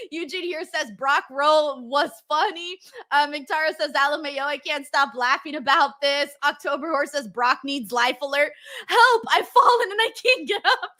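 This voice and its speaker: Bright, high-voiced woman streamer. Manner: laughs often, swears casually, reads comments aloud. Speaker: live stream host reading chat. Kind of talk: casual live stream chat.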